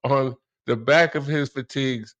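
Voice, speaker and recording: A man's voice: mid-range voice, fairly even intonation, unhurried, a bit bright. Blunt profane older man in his seventies. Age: 70s. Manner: blunt, profane, laughs often. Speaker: co-host, father. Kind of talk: casual political chat.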